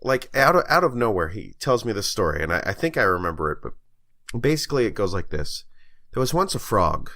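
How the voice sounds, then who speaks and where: Deep-voiced, bright podcast co-host, man. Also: no room sound, studio quality. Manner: animated storyteller, swears freely, laughs often. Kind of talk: casual chat.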